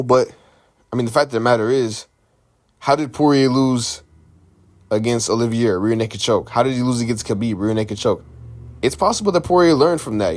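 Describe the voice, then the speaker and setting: A man's voice: mid-range voice, a little mellow. A man giving casual reaction commentary on a fight, rambling and conversational, full of restarts and filler words. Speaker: MMA commentary host.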